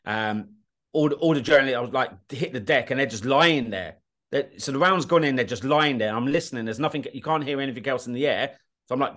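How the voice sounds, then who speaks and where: A man's voice: mid-range voice, fast. Blunt British man telling war stories. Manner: animated, blunt, swears, often asks "do you know what I mean". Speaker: guest, war documentary filmmaker. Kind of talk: casual interview storytelling.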